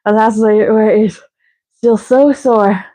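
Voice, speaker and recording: A woman's voice: fairly high pitch, fairly even intonation, measured pace, warm tone, rough recording. A woman leading a live workout as fitness instructor, counting reps and cueing stretches while out of breath. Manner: counting reps, breathy and winded between cues.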